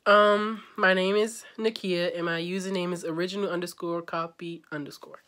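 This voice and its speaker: A woman's voice: fairly low pitch, steady tone, normal speed, a bit bright, a little hiss or hum. Chatty young woman from D.C. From Washington, D.C. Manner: chatty, upbeat, reads word lists aloud. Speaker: vlogger. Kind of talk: casual chat.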